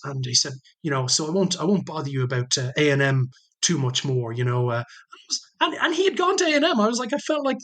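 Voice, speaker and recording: A man's voice: on the high side, sing-song, fast, a bit bright. An Irish man from Ireland, a guest historian telling chatty stories in a casual podcast conversation with self-deprecating jokes.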